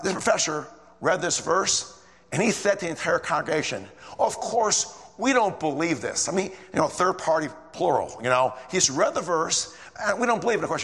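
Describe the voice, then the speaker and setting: A man's voice: a little high, creaky, a bit bright, big-room sound. A man preaching a sermon in a casual storytelling way, repeating phrases as he goes.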